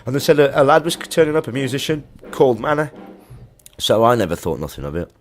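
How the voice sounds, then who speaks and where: A man's voice: medium pitch, very animated, fast. A middle-aged man with a Birmingham accent, a musician guest in a studio, telling rambling stories in a casual interview. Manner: rambling anecdotal storytelling.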